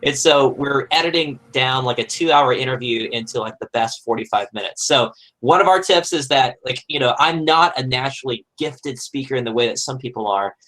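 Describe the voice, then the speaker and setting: Man, mid-pitch, easygoing panel guest, chatty with fillers and restarts. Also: fairly quick, hardly any pauses, pushed and bright, low-quality recording. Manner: conversational, frequent fillers and restarts. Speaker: podcast host, guest panelist. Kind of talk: casual panel discussion.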